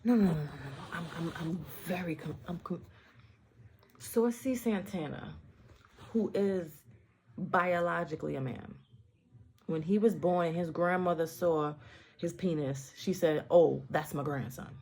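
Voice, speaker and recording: Blunt, rambling woman with a low voice. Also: measured pace, darkish tone. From the Bronx, New York. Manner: blunt, profane, with playful asides and self-interruptions. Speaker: vlogger. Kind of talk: casual rambling monologue.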